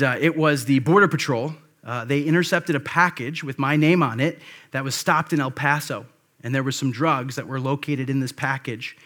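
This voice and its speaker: Bright-voiced male pastor preaching. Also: mid-range voice. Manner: conversational preaching with frequent asides and restarts. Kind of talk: sermon.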